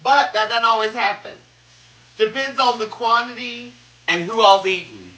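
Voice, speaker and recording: A very high-pitched, bright and forceful voice at normal speed comes through a rough recording. It belongs to a Southern-accented South Carolinian hosting a relaxed cooking stream who drawls playful, sassy greetings and hums small sound effects.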